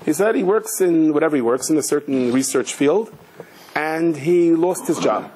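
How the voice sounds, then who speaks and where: A man's voice: a little high, normal speed, mellow. A man, a rabbi, giving a sermon as he tells a story, mixing Hebrew and Yiddish terms into his talk and often restarting his sentences.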